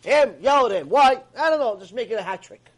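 A man giving an animated, emphatic ethics lecture as a Torah teacher. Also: very high voice, fairly quick, slightly rough.

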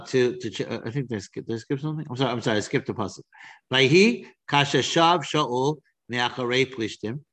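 A man leads an informal study class. He reads verses aloud, then explains them in a halting way, full of restarts and fillers, in an ordinary mid-range voice. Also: medium pitch, fairly bright tone. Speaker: Torah teacher.

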